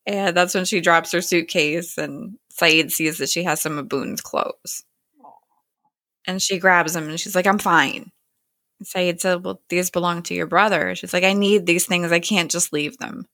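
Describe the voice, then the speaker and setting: A woman's voice: on the low side, measured pace, fairly bright tone, dry recording, clean studio sound. A woman hosting a podcast, casually recapping a TV episode scene by scene and lightly voicing the characters as she goes.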